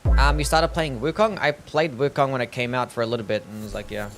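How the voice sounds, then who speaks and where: A man's voice: medium pitch, steady tone, a little fast, soft background music. A young man chatting casually as he streams a game, swearing freely and reading his chat aloud. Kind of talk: casual livestream commentary.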